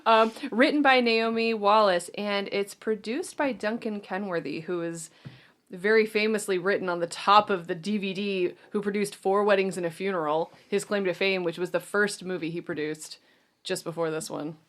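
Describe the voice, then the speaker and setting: A woman with a mid-range voice hosts a casual film podcast, speaking at a moderate pace in a steady tone. She chats with friends, laughs often, and reads out a synopsis.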